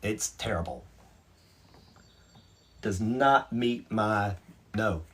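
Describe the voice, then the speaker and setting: A man hosts a relaxed livestream and reads out viewer comments one by one. His voice is husky and a little breathy. He talks in a chatty, self-mocking way and laughs easily. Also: on the low side, drawn-out words. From North Carolina, USA. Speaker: livestream host. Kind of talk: casual live chat, reading out viewer comments.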